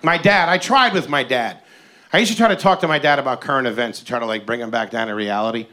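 A man in his forties doing a stand-up set, with an animated, punchy delivery that bursts into shouts and acted-out quotes. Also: medium pitch, fast talker. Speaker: stand-up comedian.

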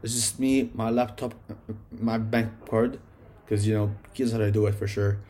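Rambling, low-voiced man reviewing songs. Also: steady tone, moderate pace, warm tone, a little hiss or hum. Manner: rambling, swearing, heavy use of "like". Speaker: music reviewer. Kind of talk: casual song review.

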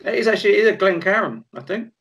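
A man's voice: sits high, lively intonation, fast talker, gravelly, a bit bright, lo-fi sound. A man guest in a casual tasting chat over a video call, easygoing with short replies.

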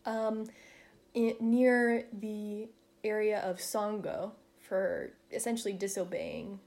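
A woman's voice: medium pitch, lively intonation, a little mellow. A woman co-hosting a casual true-crime podcast, telling the story in a chatty way and laughing often. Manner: fast, chatty storytelling with fillers. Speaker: podcast co-host.

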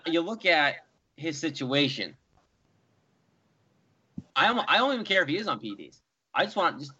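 A young man, co-hosting a casual sports chat, animated and rambling. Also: medium pitch. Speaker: co-host. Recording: dull lo-fi sound.

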